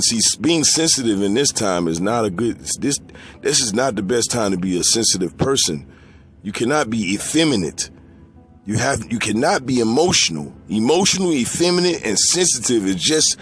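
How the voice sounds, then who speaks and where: A man preaching a sermon to younger men, blunt and profane, his voice climbing when he presses a point and dropping low and quiet when he reads scripture. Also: animated, moderate pace, soft background music. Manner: forceful, profane, rises in pitch when stressing points.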